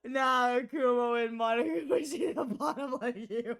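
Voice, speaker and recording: Giggling woman streamer, high voice. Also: normal speed, gravelly. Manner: laughing uncontrollably, squealing. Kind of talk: casual live-stream gaming commentary.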